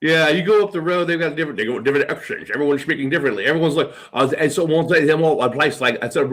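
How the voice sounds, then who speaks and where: A man's voice: on the high side, lively intonation, quick pace, a bit bright, slightly rough. A man chatting casually on a live stream, joking, laughing and swearing freely. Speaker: co-host. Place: living in England.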